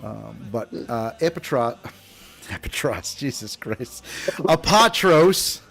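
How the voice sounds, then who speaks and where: A man's voice: fairly low pitch, slow, creaky. A man running a tabletop game as dungeon master, rambling with many fillers and frequent laughs. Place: home streaming setup.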